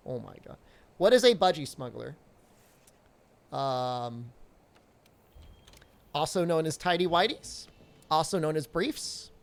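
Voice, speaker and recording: Animated joking male game streamer. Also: fairly high pitch, takes it slowly, gravelly, pauses often. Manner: joking, rambling, reads chat questions aloud. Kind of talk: casual live-stream chat.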